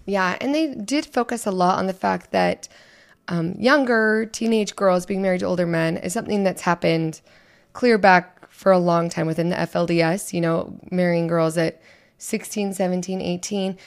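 A woman co-hosts a casual podcast, her voice worn and quiet because she is losing it. She, sits a little low in pitch, and talks easily, with plenty of "um" and "like.". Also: vocal fry. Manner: quiet, conversational, filler-heavy. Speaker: podcast co-host. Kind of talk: casual chat.

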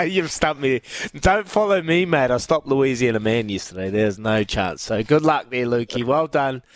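A man's voice: mid-range voice, animated, normal speed, dry recording. A man with a New Zealand accent hosting a radio sports quiz, bantering and teasing callers. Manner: cheeky, teasing, laughs often.

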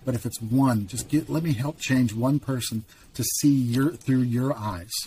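A middle-aged man telling his faith testimony in casual talk, as an earnest storyteller with quick asides. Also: mid-range voice, warm tone, a little hiss or hum. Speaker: podcast guest.

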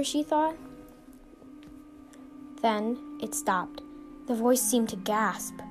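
A woman hosting a show, narrating a scripted suspense story in an earnest, suspenseful way. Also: a little high. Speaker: storyteller and podcast host. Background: music.

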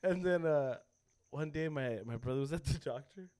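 A man's voice: fairly high pitch, normal speed, dark tone, dry recording. Dry-sounding young man telling stories. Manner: profane, laughing storyteller. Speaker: podcast host. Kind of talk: casual chat.

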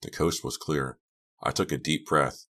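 A man narrating a horror novel for an audiobook in a steady, measured way. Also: a bass voice. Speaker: audiobook reader. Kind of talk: scripted narration.

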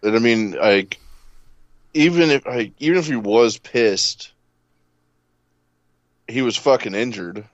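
A man's voice: mid-range voice, takes it slowly, long pauses, no room sound, lo-fi sound. A man co-hosting a podcast, chiming in with short, profane remarks. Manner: short agreeing interjections, profane. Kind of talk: casual chat.

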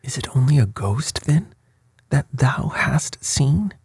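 A man's voice: level tone, darkish tone, husky, dry recording, clean studio sound, exaggerated voice. A man reading the part of a proud, short-tempered prince, curt and commanding. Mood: impatient. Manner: curt, commanding, slow and low.

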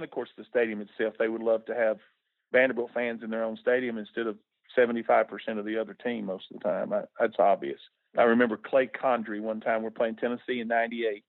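Heard over a tinny phone line on the radio, a middle-aged former coach chats casually and folksily in an interview, repeating words when he gets moved. His voice is mid-range, with no echo.

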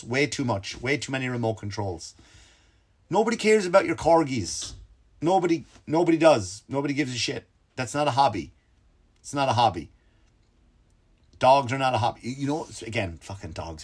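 Man, podcast host, casual comedic rant, swearing, exasperated, rambling. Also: mid-range voice. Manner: rambling, profane, exasperated storytelling; mimics other people in quoted bits.

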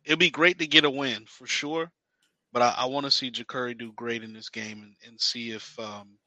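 A man with a mid-range, bright voice talks haltingly, pausing on "um" and restarting his thoughts. He is recorded close, with a dry sound. It is a casual chat as co-host. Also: medium pitch, fairly even intonation, no echo, rough recording.

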